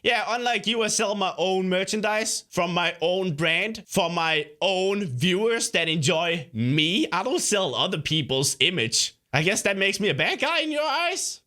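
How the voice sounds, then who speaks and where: A man's voice: high voice, expressive, a little slow, few pauses, bright, forceful tone. A young man hosting a reaction video, talking back at a clip in an indignant, sarcastic way. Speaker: YouTuber host. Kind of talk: reaction commentary.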